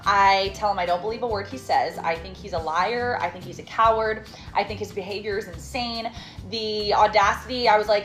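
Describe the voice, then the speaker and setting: A woman's voice: mid-range voice, a little fast, a bit bright, soft background music. A young woman casually telling a storytime, chatty and dramatic with sassy asides.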